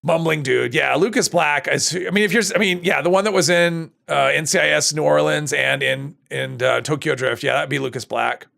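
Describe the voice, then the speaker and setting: A man's voice: a little high, moderate pace, creaky, hardly any pauses, sharp tone. A man chatting casually on a live stream while he plays a game, reading chat and answering it, his voice strained and tired.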